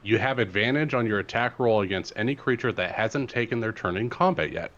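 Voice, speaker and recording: A man's voice: lowish voice, fairly quick, a bit bright. A man playing a tabletop game, teasing the others and explaining the rules. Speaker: player. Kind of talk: casual tabletop game play. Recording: dull stream audio.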